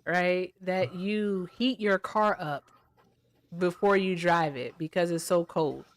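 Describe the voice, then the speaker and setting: A woman on a political livestream who teases and needles her co-host in a lively, animated way. Her voice sits fairly low. The sound is dry and close, with no room around it. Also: takes it slowly, dry recording. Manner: teasing, animated, talks straight to her co-host. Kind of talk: casual livestream political chat.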